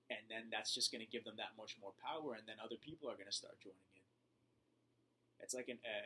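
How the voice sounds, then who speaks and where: A man giving calm, earnest self-help advice to camera in a casual vlog. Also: mid-range voice, a little hiss or hum, rough recording. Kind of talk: motivational talk to camera.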